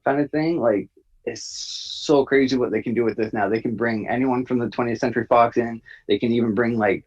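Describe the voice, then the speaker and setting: A man's voice: medium pitch, fairly even intonation, a little fast, darkish tone, breathy edge, dull audio. Rambling man in a casual review chat. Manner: rambling, lots of fillers and restarts. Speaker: podcast co-host.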